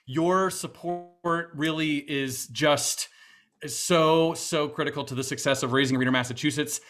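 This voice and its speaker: A man's voice: fairly high pitch, steady tone, a little slow. A man with a Boston accent hosting a virtual fundraiser, chatty and upbeat with many fillers. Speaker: event host.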